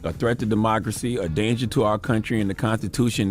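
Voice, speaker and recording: Low-voiced man making a measured argument. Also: steady tone, soft background music. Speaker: commentator. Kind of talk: political commentary.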